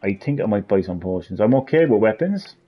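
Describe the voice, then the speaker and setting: A man's voice: fairly low pitch, expressive, a little fast. A man giving casual, rambling let's-play commentary, blunt and thinking aloud. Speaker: gaming video host. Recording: lo-fi with game music behind.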